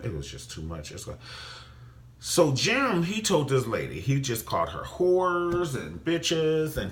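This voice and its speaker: A man reviewing a TV episode in a casual vlog, sassy and flamboyant, swearing freely, calling his viewers honey and leaping up high in pitch for emphasis. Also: huge pitch swings, a little slow. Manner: profane, calls viewers honey. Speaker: TV recap vlogger.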